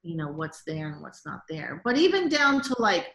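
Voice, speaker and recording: Animated woman guest director, bright-toned, chatty, roomy sound. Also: low voice, vocal fry. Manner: animated, quick, many "like"s and quoted reactions. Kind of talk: casual interview storytelling.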